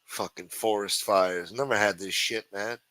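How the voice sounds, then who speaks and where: A man hosts his own livestream, reading the news aloud and breaking off into rambling, profane rants. His voice is bright and forceful. The sound is dry and close, with no room echo. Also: fairly low pitch, fairly even intonation, unhurried. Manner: crude, sarcastic, reads headlines aloud then rants. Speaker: livestream host.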